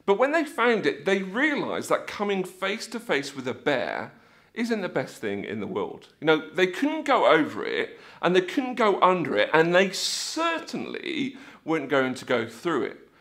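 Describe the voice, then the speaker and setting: A man giving an animated faith talk for families, telling stories and acting out scenes with sound effects. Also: fairly high pitch, unhurried.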